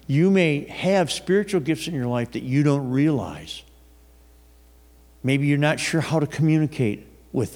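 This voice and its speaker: A man's voice: mid-range voice, a little mellow. A man preaching a sermon in a loose, conversational storytelling way, often restarting his sentences. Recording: long reverb of a large hall.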